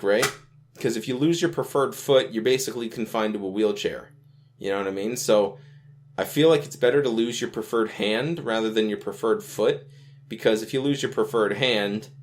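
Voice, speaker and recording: A young man casually commenting on a browser game, rambling and laid-back, often tacking on filler phrases and swearing offhandedly. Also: on the low side. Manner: rambling and laid-back, keeps adding "you know what I mean", swears casually. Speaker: gaming video host.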